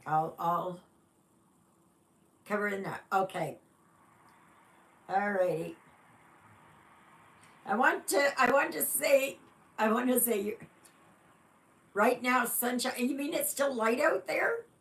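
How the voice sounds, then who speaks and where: She's a Canadian woman hosting a laid-back stitching stream, reading viewers' comments aloud as greetings and talking slowly with rambling fillers. Her voice is a little high and fairly bright, with lively intonation.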